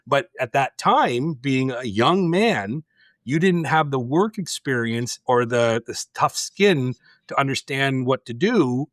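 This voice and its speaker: A man's voice: medium pitch, animated, takes it slowly, fairly bright tone, no room sound, studio quality. A middle-aged man hosting a podcast, telling a story in a blunt, intense, direct way and acting out the dialogue. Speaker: podcast host. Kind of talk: casual storytelling chat.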